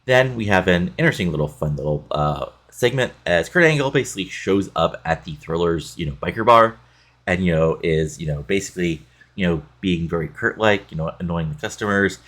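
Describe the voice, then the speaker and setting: A man's voice: low voice, expressive, fairly quick, a bit bright. A man casually recapping a wrestling sim game, rambling with many fillers. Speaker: game playthrough narrator.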